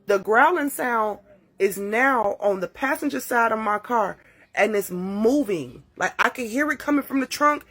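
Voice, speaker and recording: A woman telling a dramatic story to her phone in a casual, profane and animated way. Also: high-pitched. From Chicago. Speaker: TikTok storyteller. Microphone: phone mic.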